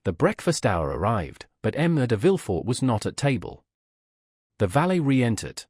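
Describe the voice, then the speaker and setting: A man with a husky, mid-range voice narrates a classic novel as an audiobook, reading in a measured, expressive way. The recording is studio quality with no room sound.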